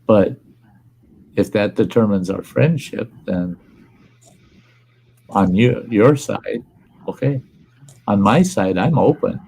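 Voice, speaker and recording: An older man, his low voice full of gravel and fry. He hosts a relaxed chat and says what he thinks with blunt, profane plainness. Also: slow pace, pauses often, poor audio. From Upper Midwest US. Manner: blunt, plainspoken, swears freely. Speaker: livestream host. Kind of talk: casual chat.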